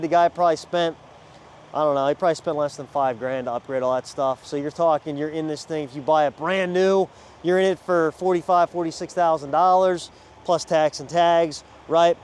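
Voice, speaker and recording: A man showing off vehicles on a dealership lot outdoors, talking to viewers in a casual, energetic walkaround. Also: fairly high pitch, clean tone. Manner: energetic, chatty, addresses viewers as guys. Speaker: car salesman at a dealership.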